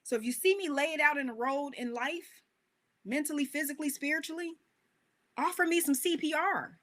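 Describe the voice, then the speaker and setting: A woman coach preaching a motivational message with animated emphasis and a fairly high voice. She talks to the crowd in a conversational way, tossing in rhetorical questions. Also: normal speed. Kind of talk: motivational talk, sermon-like.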